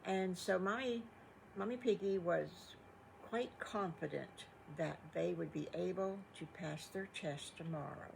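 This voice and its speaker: A woman's voice: fairly low pitch, measured pace, vocal fry, noisy background. An older woman telling improvised children's stories, folksy and rambling. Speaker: grandmother storyteller. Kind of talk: improvised bedtime storytelling.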